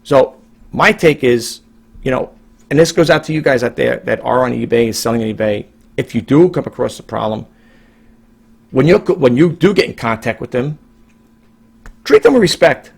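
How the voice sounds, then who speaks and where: His voice sits mid-range, gravelly and breathy, with lively intonation, normal speed and frequent pauses. The middle-aged New Yorker, an online reseller, addresses his viewers casually on camera, rambling emphatically while repeating himself and restarting lines.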